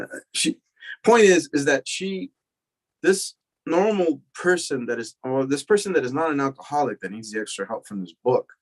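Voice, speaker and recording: A man shares his recovery story in a loose, profane way. He keeps slipping into animated voices for the people in his story. His pitch sits in the middle. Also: rough recording. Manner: casual, profane, animated retelling with acted quotes. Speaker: recovery lecture speaker. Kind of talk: personal storytelling talk.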